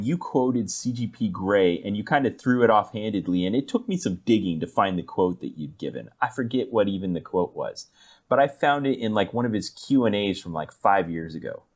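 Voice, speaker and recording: A man co-hosting a podcast in casual chat. He explains things in a relaxed way and trails off low at the ends of his sentences. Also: normal speed. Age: adult. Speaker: podcast co-host.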